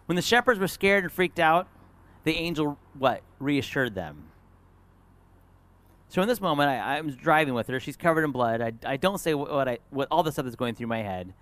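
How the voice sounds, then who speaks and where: A middle-aged man, a pastor preaching a sermon, telling a personal story in an earnest way that moves between lively and hushed. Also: on the high side, normal speed.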